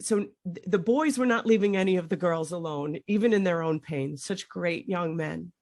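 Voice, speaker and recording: A middle-aged woman hosting a podcast, recorded dry and close with no room sound. She tells a raw personal story, trailing off and restarting, and her voice jumps high whenever she relives the panic. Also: normal speed, darkish tone, dry recording. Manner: rambling, breaks off mid-sentence, voice rises sharply when reliving panic. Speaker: podcast host. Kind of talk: emotional conversational storytelling.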